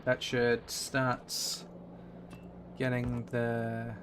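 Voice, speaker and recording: A man's voice: mid-range voice, monotone, very slow, noisy background. A man streaming a game live, rambling and thinking aloud with many fillers. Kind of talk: live gameplay commentary.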